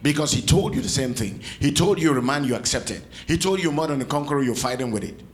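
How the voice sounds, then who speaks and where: A man's voice: fairly high pitch, expressive, fast. A man preaching a sermon in a church, calling out to the congregation and teasing them with playful asides. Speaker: pastor.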